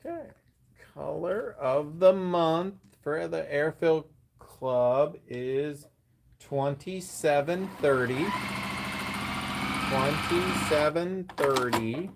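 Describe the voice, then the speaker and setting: A woman's voice: low-pitched, very slow, noisy background. A woman co-hosting a live sewing show, relaying viewer comments in an easygoing way. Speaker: co-host reading viewer comments. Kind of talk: casual live chat.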